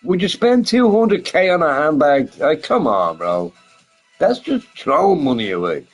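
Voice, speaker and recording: A man's voice: a little high, very animated, unhurried, faint music behind, poor audio. A man chatting casually on a stream, swearing often, laughing and firing off rhetorical questions. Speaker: gaming streamer chatting with viewers. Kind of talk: casual rambling chat.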